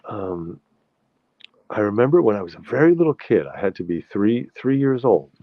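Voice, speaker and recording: A man's voice: on the low side, big pitch swings, moderate pace, no echo, narrow, tinny audio. A man from New York hosting a live-stream chat, telling rambling anecdotes with many restarts and answering viewer comments. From New York, USA. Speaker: show host.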